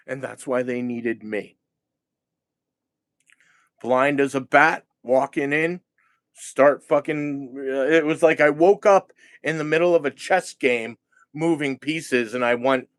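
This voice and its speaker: Slow-talking, agitated man in a dry room. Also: mid-range voice, clear, resonant tone, no echo. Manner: agitated, profane, halting with restarts. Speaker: vlogger. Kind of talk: rambling monologue.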